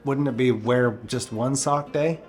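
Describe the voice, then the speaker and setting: A man's voice: medium pitch, unhurried, soft background music. A man hosting a casual morning show, encouraging and upbeat. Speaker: host.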